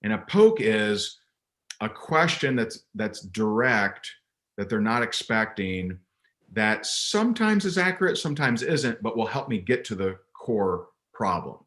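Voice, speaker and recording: Man, low voice, business coach, interview guest, emphatic storytelling, frequent restarts. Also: very animated, unhurried, fairly bright tone. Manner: emphatic, repeats words when restarting a thought.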